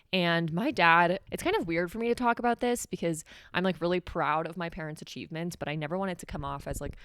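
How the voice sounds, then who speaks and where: Her deep voice is clean and fairly bright, recorded in a clean studio with no room sound. A young woman from New Mexico, USA, she hosts a solo podcast and tells a personal story conversationally and openly, peppered with "like."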